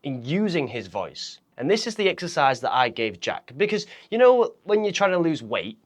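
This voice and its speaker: A man teaching public speaking to camera, addressing the viewer directly in an energetic way and deliberately swinging his pitch, volume and pace to demonstrate each point. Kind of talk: instructional talk to camera.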